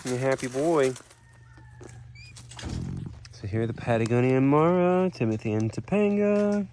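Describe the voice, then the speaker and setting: A man in the middle of the usual male pitch range chats easily through an outdoor sanctuary vlog. He coos at the animals in soft baby talk between relaxed explanations. A faint hiss sits behind his voice. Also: normal speed. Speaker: animal sanctuary keeper and vlogger. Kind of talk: casual vlog narration.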